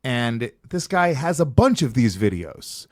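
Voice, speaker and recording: A man hosting a podcast, talking casually with a lot of swearing and animated storytelling. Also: mid-range voice, a little slow, no room sound. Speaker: podcast host.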